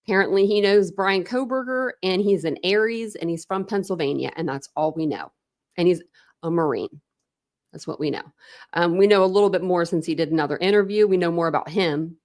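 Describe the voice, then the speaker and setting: A woman's voice: on the low side, a little fast, a little mellow, dry recording. Chatty woman livestream host, dry sound. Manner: chatty, greets viewers by name, laughs often. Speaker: true crime livestream host. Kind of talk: casual livestream chat.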